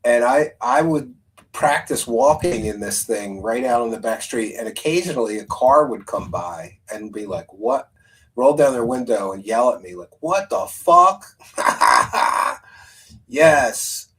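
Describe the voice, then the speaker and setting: A man's voice: medium pitch, lively intonation, moderate pace, poor audio. Rambling casual male stream host. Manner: rambling, laughs, thinks aloud, reads a synopsis. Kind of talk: casual live-stream chat.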